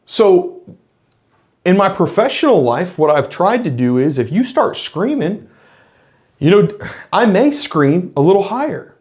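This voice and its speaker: A man's voice: high-pitched, big pitch swings, a little slow, pauses often, darkish tone. A middle-aged man, a former police officer, talking earnestly in a reflective monologue to camera, explaining his points with frequent restarts.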